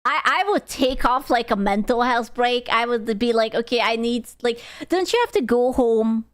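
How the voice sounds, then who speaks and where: A young woman streams in a loose, rambling chat style. She swears freely and breaks into laughs often. Her voice sits slightly high for a woman. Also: normal speed, clean tone. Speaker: VTuber streamer. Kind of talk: casual live-stream chat.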